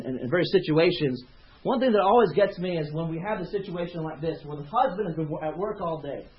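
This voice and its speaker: A male pastor preaching a sermon with passion, often repeating words and rising in volume as he builds his points. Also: high voice. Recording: roomy, slightly dull sound.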